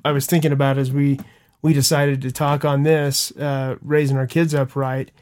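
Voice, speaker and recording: Man, podcast co-host, casual, quick agreeing replies, mid-pitched voice. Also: little pitch movement, darkish tone. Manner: chimes in with short agreeing replies. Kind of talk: casual chat.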